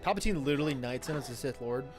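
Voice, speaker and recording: A man's voice: medium pitch, lively intonation, racing, music in the background. A man co-hosting a casual reaction stream, talking in a crude, joking, rambling way over the film they are watching. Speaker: co-host.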